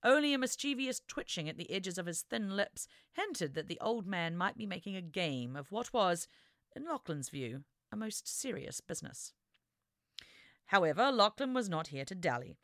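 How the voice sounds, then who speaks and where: A woman reading an adventure story aloud as narrator, with expressive, dramatic storytelling. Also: on the low side, normal speed, no echo, clean studio sound. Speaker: audiobook narrator. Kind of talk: scripted narration.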